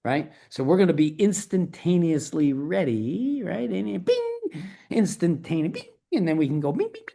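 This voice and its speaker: A man's voice: sits high, very animated, normal speed, creaky, warm tone. A middle-aged man as an interview guest, talking in a fired-up, emphatic and profane way. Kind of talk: podcast interview.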